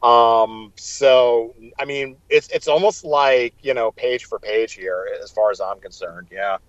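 A man's voice: mid-range voice, measured pace, no room sound, muffled recording. A man co-hosting a casual chat, animatedly retelling scenes and acting out the quoted lines. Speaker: podcast co-host.

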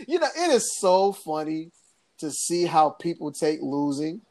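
A woman co-hosting a casual political podcast, talking in an animated, sarcastic way, with laughs and mocking impressions. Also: on the low side, unhurried. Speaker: podcast co-host.

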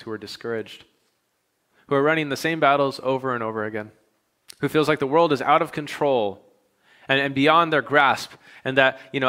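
A man preaching a sermon in a bright, forceful voice at an ordinary pitch. He stacks repeated phrases with mounting emphasis, then falls back into low, confiding asides to his congregation. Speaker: pastor.

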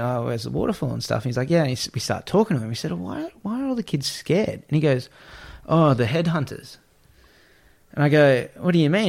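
Animated man telling a story. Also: medium pitch. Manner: animated, acts out quoted voices, swears casually. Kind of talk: casual storytelling chat.

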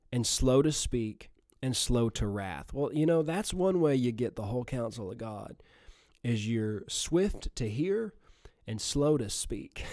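A man's voice: mid-range voice, darkish tone, no echo, clean studio sound. A man preaching a teaching sermon in a conversational way, repeating key phrases for emphasis with frequent "you know" asides.

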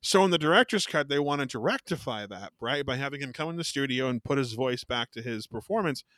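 A man's voice: medium pitch, lively intonation, a little fast, fairly bright tone, no echo, studio quality. A man co-hosting a casual horror podcast, rambling with many restarts and casual swearing. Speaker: podcast co-host. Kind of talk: casual chat.

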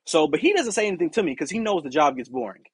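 A man with a lively, swooping delivery, pitched a bit above the usual, tells a story on his podcast. His voice is husky and a little breathy, and he swears freely as he acts out who said what. The sound is dry and close. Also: quick pace, dry recording. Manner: animated, profane, acts out quoted exchanges. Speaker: podcast host. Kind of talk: casual storytelling monologue.

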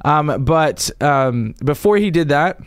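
A man's voice: on the high side, lively intonation, slow, clear, resonant tone, dry recording, clean studio sound. A man hosting a casual political commentary show, rambling with many restarts and frequent chuckles. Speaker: show host presenting a topic.

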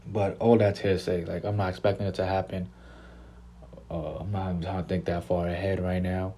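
A man's voice: deep voice, flat delivery, normal speed, mellow, slight background noise. A man hosting a casual sports podcast, laid-back and slangy, often repeating himself. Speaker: podcast host.

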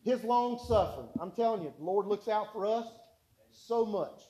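A man's voice: sits high, lively intonation, brisk, mellow, poor audio. A man preaching a sermon, telling folksy stories and repeating his points for emphasis. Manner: folksy storytelling with emphatic repetition.

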